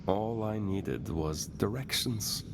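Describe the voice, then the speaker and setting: An actor playing a cruel, smug male villain in a video game, speaking in a measured, menacing way. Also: fairly low pitch, creaky, noisy background. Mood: gloating. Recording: game audio under music.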